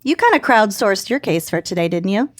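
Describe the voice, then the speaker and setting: A woman's voice: mid-range voice, big pitch swings, brisk, dry recording, clean studio sound. A woman co-hosting a true crime podcast, chatting in an easygoing, agreeable way. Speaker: podcast co-host. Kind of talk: casual chat.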